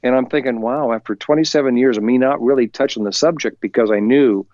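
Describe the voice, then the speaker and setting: A man of middle pitch recounts a story to an interviewer, lively and chatty, switching voices for the people he quotes. The sound is dry, with almost no room echo. The top end is a little muffled. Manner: lively, acts out quoted voices, chuckles while telling; talks faster when excited. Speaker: musician guest. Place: home recording studio.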